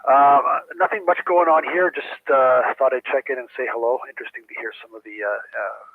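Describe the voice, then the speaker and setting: Older radio operator, husky voice, friendly and talkative, on a tinny, dry radio line. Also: male voice, medium pitch, steady tone, fairly quick, dry recording. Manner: friendly, talkative, stumbling fillers.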